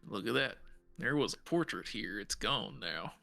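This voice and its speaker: A woman's voice: a bass voice, lively intonation, moderate pace, gravelly, a bit bright, faint music behind. A woman casually chatting and joking while streaming a game with a friend. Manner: playful, jokey.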